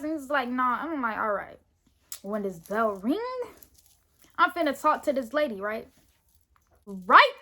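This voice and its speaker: Teen girl doing a storytime vlog, high voice, fired up and indignant, acts out the convo. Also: moderate pace. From Florida, US. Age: teens. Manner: animated, indignant retelling with quoted dialogue. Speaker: vlogger telling a story. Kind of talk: casual storytime.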